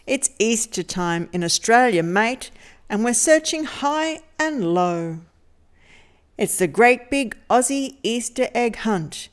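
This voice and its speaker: A woman reading a picture book aloud to children in a lively, sing-song storytelling manner. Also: fairly high pitch, slow pace.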